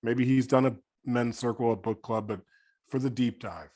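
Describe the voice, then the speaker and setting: A man hosting a podcast, speaking in a reflective, heartfelt way with halting restarts. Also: medium pitch, a little mellow. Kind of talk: casual podcast conversation.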